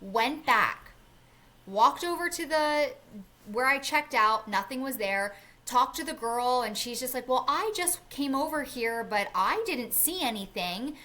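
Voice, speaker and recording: Animated woman telling a story. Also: high-pitched, unhurried. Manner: animated, acts out the people in her story, swears. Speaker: podcast co-host. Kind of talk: casual storytelling chat.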